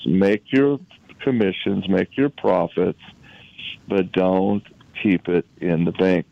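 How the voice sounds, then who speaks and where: A man from Utah, a guest recounting a personal story in conversation, halting and often repeating words as he recalls events. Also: on the low side, vocal fry, no room sound, muffled recording.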